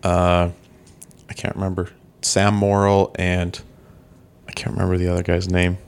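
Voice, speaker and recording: A man's voice: low-pitched, monotone, moderate pace, smooth. A man co-hosting a podcast in casual chat, joking and laughing often. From Utah. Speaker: podcast co-host.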